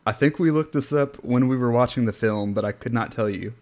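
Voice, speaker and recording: A man's voice: mid-range voice, a little fast, darkish tone. A man co-hosting a podcast in casual chat, wry and self-deprecating, often trailing off into a laugh. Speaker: podcast co-host.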